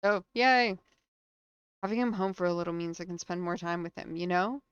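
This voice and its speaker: A woman streamer commenting live on a game, reading on-screen text aloud between quick reactions. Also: fairly low pitch, steady tone, smooth, dry recording, muffled recording.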